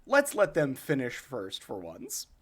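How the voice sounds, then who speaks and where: A man's voice: medium pitch, unhurried. A man co-hosting a comedy podcast, joking and playful as he presents a ranking segment. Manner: playful, jokey, lively. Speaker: podcast co-host.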